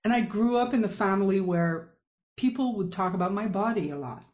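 Hosting a candid, conversational podcast interview, a woman with a mid-range voice speaks a little fast. She tells a personal story openly and animatedly, often laughing as she goes.

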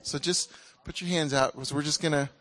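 A man preaching in a relaxed, conversational way and leading a congregation in prayer. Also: fairly high pitch, a little fast. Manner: ecstatic, exclaiming and laughing during prayer. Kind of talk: charismatic sermon and prayer ministry.

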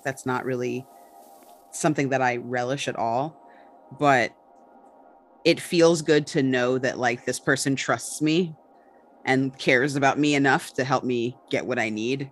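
Hesitant player describing their moves. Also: medium pitch. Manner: hesitant, filler-heavy, reflective. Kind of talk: describing actions in a tabletop game.

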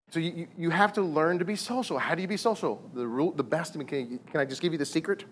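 A man in his thirties preaching a sermon on marriage, animated and full of rhetorical questions and repeated words. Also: fairly high pitch, fast, hardly any pauses, slight background noise. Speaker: pastor.

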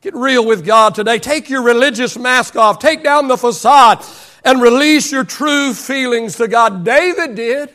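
A man's voice: very high-pitched, unhurried, sharp tone. A pastor preaching a passionate sermon at a church service. He repeats his phrases and lets many lines trail off into near silence.

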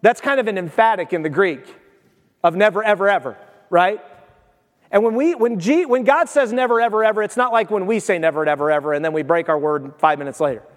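Male pastor, high voice, emphatic and chatty sermon delivery, ringing church acoustics. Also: fairly quick, big-room sound. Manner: emphatic, conversational preaching with asides.

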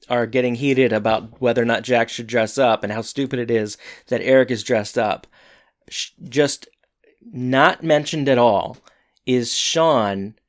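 A playful co-host casually recapping a show, joking and acting out characters' lines. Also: mid-range voice. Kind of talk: casual chat.

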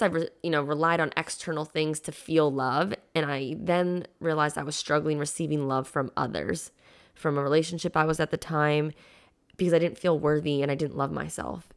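A young woman with a notably low voice talks alone on her podcast as a mindset coach. She speaks earnestly and warmly encouraging, with a heartfelt, personal tone. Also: flat delivery, normal speed, clear, resonant tone. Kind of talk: solo motivational podcast talk.

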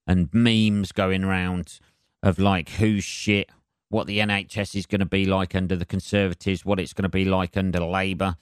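A man's voice: sits low, clean tone, dry recording, clean studio sound. A man, hosting a solo podcast and rambling in a sardonic, sweary way with lots of ums and uhs. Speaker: podcast host.

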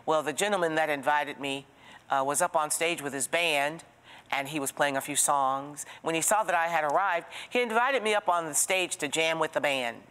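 A woman teaching a Bible study, telling stories in an expressive, preacherly way and asking the listener direct questions. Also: deep voice, moderate pace, clear, resonant tone, in a large hall.

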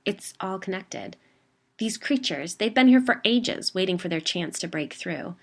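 A woman's voice: medium pitch, animated, measured pace, gravelly. A woman voicing an earnest paranormal theorist.

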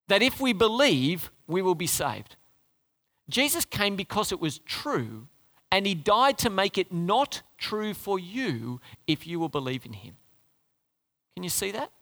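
A man preaching with a high, lively voice that swings freely up and down. His tone is bright and forceful. The long reverb of a church hall trails behind his words. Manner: animated, conversational preaching with audience questions. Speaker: pastor. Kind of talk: sermon.

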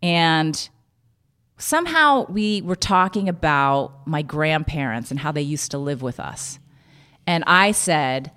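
Guest, woman, lower-pitched, halting personal storytelling. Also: expressive, a bit bright, smooth. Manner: halting, with many restarts and filler.

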